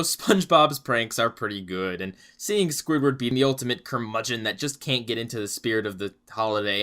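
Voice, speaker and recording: A man reviewing cartoon episodes in a playful, jokey way, with sudden loud bursts. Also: medium pitch.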